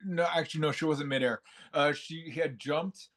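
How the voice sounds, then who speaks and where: A man's voice: on the high side, steady tone, moderate pace, fairly bright tone. A man co-hosting a casual movie podcast, thinking aloud and restarting his sentences. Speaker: podcast co-host.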